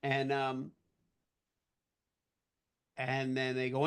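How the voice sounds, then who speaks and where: A man guest on a podcast, telling a casual anecdote in an animated way and acting out the voices of the people in it. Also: mid-range voice, slow pace, clear, resonant tone. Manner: animated storyteller who acts out quoted voices.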